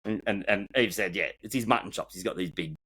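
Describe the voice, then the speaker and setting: A man telling stories as a guest in a casual chat, lively and full of restarts. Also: sits low, fast talker, husky. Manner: animated storyteller with frequent restarts. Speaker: guest, former reality-show builder.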